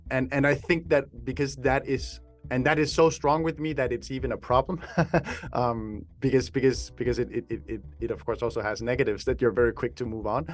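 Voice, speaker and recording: A man's voice: medium pitch, fairly even intonation, a little fast, soft background music. A man co-hosting a podcast, frank and upbeat, often restarting his sentences. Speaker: podcast co-host. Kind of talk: casual podcast chat.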